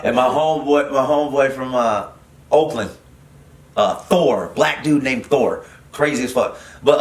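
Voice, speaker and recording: A middle-aged man, a guest comedian, telling a prison story in a casual, animated, profane way, full of fillers and restarts, in a podcast studio. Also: medium pitch, reverberant.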